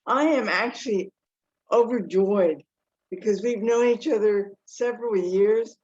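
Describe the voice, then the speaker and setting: A woman on a video call sharing reflectively, halting and searching for her words. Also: medium pitch, a little mellow, dull audio. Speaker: study group participant.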